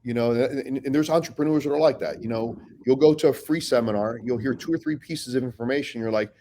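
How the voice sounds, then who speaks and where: A man in the middle pitch range of men, speaking as a podcast guest. He talks bluntly and swears freely. His storytelling is animated, with frequent restarts. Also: quick pace, few pauses, a little hiss or hum. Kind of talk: casual podcast talk.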